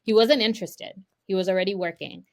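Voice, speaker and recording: A woman's voice: mid-range voice, quick pace, a little hiss or hum. A young woman, a guest tech sourcer, chatting casually on a podcast and acting out the people in her stories. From United States, of Haitian parents. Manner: animated storyteller, acts out quoted dialogue.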